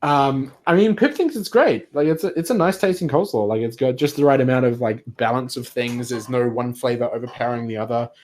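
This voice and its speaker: Game master, tabletop narration, animated, rambling, middle pitch. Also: fairly quick, hardly any pauses, slight background noise.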